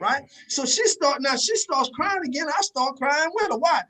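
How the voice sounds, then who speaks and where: A man's voice: very high voice, lively intonation, normal speed, few pauses, sharp tone, low-quality recording. A man giving a preachy motivational talk, emphatic and repetitive, speaking straight to his audience.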